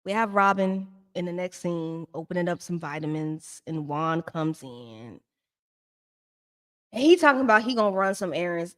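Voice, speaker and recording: A woman hosting a live-stream recap of a reality show, talking in a sassy, shady, animated ranting way. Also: medium pitch. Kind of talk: casual live-stream commentary.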